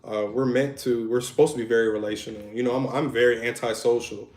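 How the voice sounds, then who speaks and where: A man's voice: mid-range voice, steady tone, fast, darkish tone, echoey room. A man co-hosting a podcast in casual chat, talking candidly with many restarts and "you know"s. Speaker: podcast co-host.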